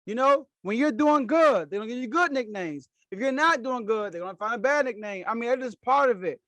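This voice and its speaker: Male sports podcast host, high-pitched, emphatic and repetitive, dry close recording. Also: expressive, fairly quick, fairly bright tone, no room sound. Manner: emphatic, repeats key phrases. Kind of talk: solo sports opinion commentary.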